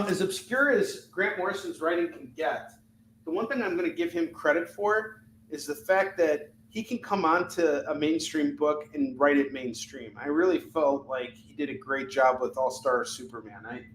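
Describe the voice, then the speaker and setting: A man with a fairly high, fairly bright voice hosts a live shopping stream, rattling off items and prices in a chatty, joking way. The recording is rough, with a little hiss or hum.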